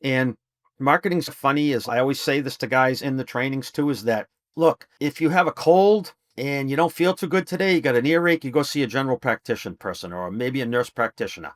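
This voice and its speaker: Middle-aged male trainer for a guest spot, emphatic and salesman-like, mid pitch, dry booth sound. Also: a little fast, no echo. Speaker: podcast guest, HVAC business trainer. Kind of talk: casual interview talk.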